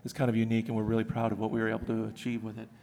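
A man's voice: fairly low pitch, completely flat delivery, very fast, gravelly, dark tone, slight background noise. Slightly winded man on a convention panel. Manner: hesitant, many fillers. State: out of breath. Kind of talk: live convention panel talk.

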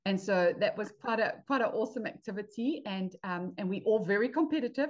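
A woman's voice: fairly high pitch, brisk, hardly any pauses, lo-fi sound. Upbeat woman guest from South Africa. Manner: enthusiastic, upbeat, laughs often. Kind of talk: casual chat.

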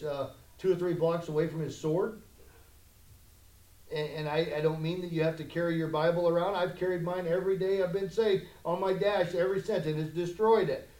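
A male pastor preaching a conversational sermon that swells into loud, emphatic challenges, in a church sanctuary. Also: high-pitched. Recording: echoey room.

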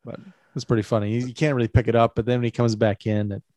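A man co-hosting a podcast, recapping a movie scene in a relaxed, halting way. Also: mid-range voice, dry recording. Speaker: podcast co-host. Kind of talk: casual movie-breakdown chat.

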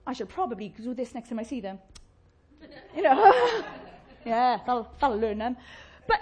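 A woman preaching a sermon, chatty and warm-humoured, often asking the congregation questions and laughing. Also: a little high, very animated, unhurried, husky.

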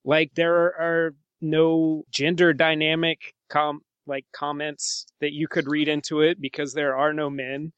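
A man's voice: on the high side, monotone, a little slow, hardly any pauses, fairly bright tone, clear, resonant tone, no echo, dull audio. A man co-hosting a podcast, chatting casually about a film with lots of fillers and easy laughs. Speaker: podcast co-host.

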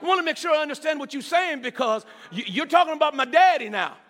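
A man preaching a sermon with enthusiasm, repeating words and swinging between loud calls and low murmurs. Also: expressive, quick pace, long reverb tail.

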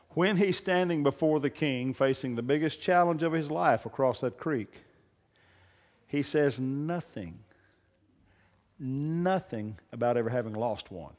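Man preaching in a reverberant hall. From raised on a farm. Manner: builds from low conversational talk to loud preaching. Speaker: pastor. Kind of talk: sermon. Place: church hall. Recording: long reverb of a church hall.

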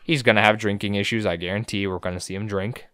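A man's voice: lowish voice, steady tone, quick pace, fairly bright tone, clear, resonant tone, no echo. A man co-hosting a podcast, recapping episodes in a joking, profane, rambling way. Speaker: podcast co-host. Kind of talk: casual recap chat.

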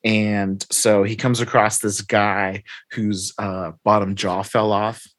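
A man in casual chat, retelling a comic story with lively acted-out dialogue. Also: lowish voice, takes it slowly, no echo. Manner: animated retelling, reads captions aloud and acts out dialogue. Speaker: podcast co-host recapping comics.

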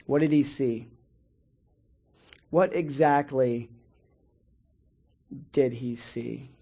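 A man preaching a Bible lesson in a measured way, reading scripture slowly and pausing often. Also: medium pitch, fairly even intonation, creaky, mellow, slightly rough, muffled recording. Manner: measured, reads scripture slowly with pauses and restarts. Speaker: preacher teaching a Bible study. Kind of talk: sermon-style Bible teaching.

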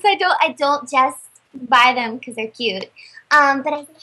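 A young adult woman, a voice actor guest, chatting in an interview as an animated storyteller with lots of fillers. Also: high-pitched, normal speed, rough recording. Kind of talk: casual interview chat.

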